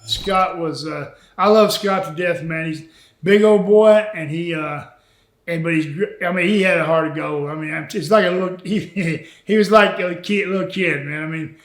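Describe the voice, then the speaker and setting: A man's voice: on the high side, normal speed, echoey room. An older man, a retired wrestler, telling road stories in a folksy, chuckling way during a shoot interview. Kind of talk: shoot interview, anecdotal storytelling.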